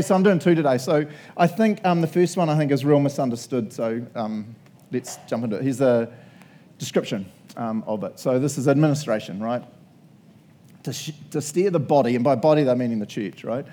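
A man's voice: mid-range voice, mellow. Chatty New man preaching. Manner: chatty, laughing, acts out quotes. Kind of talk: casual sermon.

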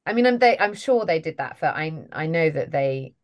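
A British woman with a notably low voice talks through an interview in a loose, chatty way. She is self-deprecating and quick to laugh. She speaks as a guest actress. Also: animated, muffled recording. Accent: British English. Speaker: voice and mocap actor guest. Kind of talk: casual interview chat.

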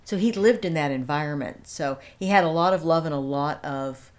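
A low-pitched woman talking at normal speed shares a story in casual conversation as an interview guest. Rambling, she restarts sentences and adds asides, becoming animated and amused at moments.

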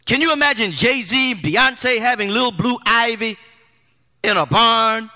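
Pastor man preaching, high lively voice, really bright, long echo from a big church. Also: measured pace. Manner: animated preaching with rhetorical repetition and colloquial asides. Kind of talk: sermon.

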